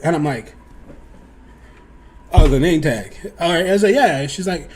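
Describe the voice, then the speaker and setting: A young man telling a casual story to his viewers, animated, acting out the other people in high voices and swearing freely. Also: a little slow, pauses often. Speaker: storyteller vlogger.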